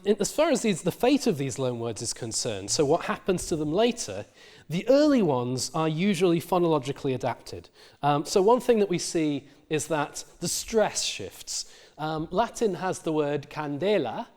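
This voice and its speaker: A man's voice: on the high side, darkish tone. A middle-aged male university lecturer explaining word history in a recorded lecture, with many fillers and restarts.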